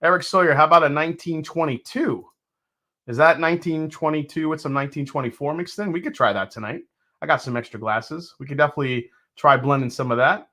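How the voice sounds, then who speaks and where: A man's voice: fairly high pitch, fast, pushed and bright. A man hosting a live stream, from New York, chatting casually and greeting viewers one by one. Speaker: host.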